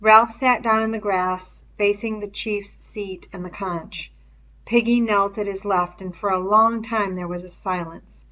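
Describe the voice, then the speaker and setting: A woman reading a novel aloud in slow, measured storytelling. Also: mid-range voice, fairly even intonation, pushed and bright, lo-fi sound. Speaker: reader.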